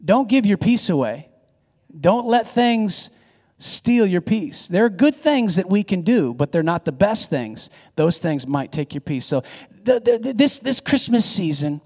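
A high-voiced male pastor preaching to his congregation, with phrases that rise and swell as he presses each point. He often repeats and restarts words mid-sentence. His voice rings out with a long reverb in a big church hall. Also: a little mellow. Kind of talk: sermon.

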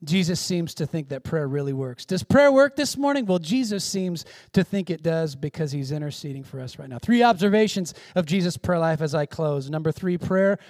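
A male pastor delivers a sermon in a notably high voice. He moves between hushed, intimate passages and loud, emphatic exclamations. The recording is dry and close, with little room sound. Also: lively intonation, normal speed, few pauses, dry recording. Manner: dynamic preaching, swinging from hushed to loud exclamations. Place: church in Seattle.

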